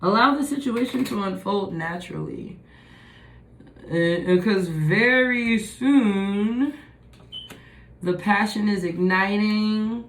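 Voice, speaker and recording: A woman gives a relaxed tarot reading, musing aloud over each card. Her delivery is slow and drawn out. Her voice bounces around an echoey room with a faint hum of ambience behind it. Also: medium pitch. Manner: musing, thinks aloud while reading cards. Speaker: tarot reader.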